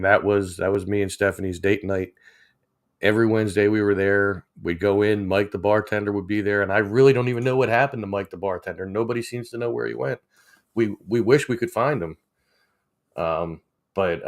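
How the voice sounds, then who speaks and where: A man, chatting casually with viewers on a livestream, rambling and chuckling as he reads the chat. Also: on the low side. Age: 40s. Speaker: livestream host.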